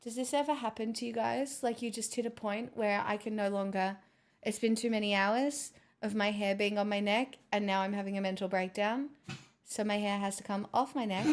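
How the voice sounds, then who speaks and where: A woman's voice: medium pitch, moderate pace. A woman live streamer chatting casually with her viewers at home in her kitchen, playful and self-mocking.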